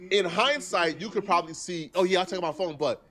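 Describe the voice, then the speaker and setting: A man with a slightly high voice comments on a live stream. He argues earnestly and lays out each point deliberately. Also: bright, forceful tone.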